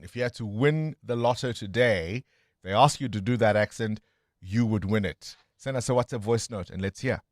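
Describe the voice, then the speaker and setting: A man hosting a breakfast radio phone-in quiz, upbeat and quick. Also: mid-range voice, a bit bright, no room sound, clean studio sound. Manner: upbeat, quick host banter. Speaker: radio host. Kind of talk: radio talk show, running a phone-in quiz. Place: radio studio.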